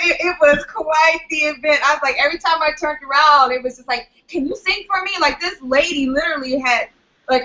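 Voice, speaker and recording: Bright, high-voiced woman from Minnesota. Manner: lively, laughing storyteller. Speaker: singer. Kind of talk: casual chat. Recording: dull lo-fi online call audio.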